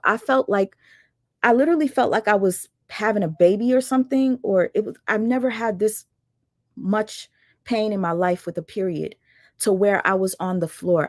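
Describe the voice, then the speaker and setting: A woman of middling pitch delivers a blunt, sarcastic rant to her livestream audience, fired up and direct. Her voice is close and dry, with no room sound around it. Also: moderate pace, no room sound. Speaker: livestream host.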